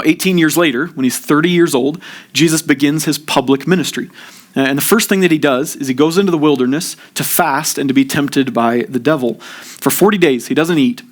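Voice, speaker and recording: A male pastor delivering a sermon in a church, his voice sitting a little higher than most men's. He talks earnestly and steadily, often stumbling over the first word of a sentence before pressing on. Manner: earnest, repeats opening words when starting sentences.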